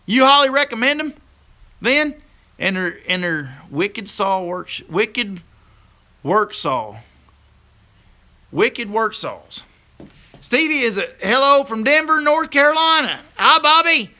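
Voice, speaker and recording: A man's voice: very high-pitched, sing-song, slow pace, long pauses, pushed and bright. A middle-aged man hosts a casual live stream, chatting folksily with viewers and laughing easily.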